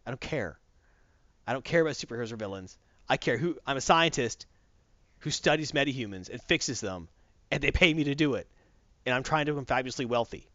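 A man's voice: mid-range voice, expressive, a little fast, long pauses, a bit bright, no echo, muffled recording, close to an everyday voice. A man voicing an impatient, money-minded woman scientist in a dismissive, matter-of-fact way.

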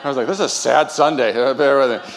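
Male pastor, mid-range voice, casual storytelling sermon with quiet asides and loud emphatic peaks. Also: medium pitch, brisk. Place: church sanctuary.

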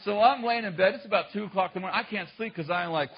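A man's voice: high voice, quick pace, muffled recording. A man preaching, telling a personal story with self-mocking humor and frequent laughs. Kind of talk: storytelling sermon.

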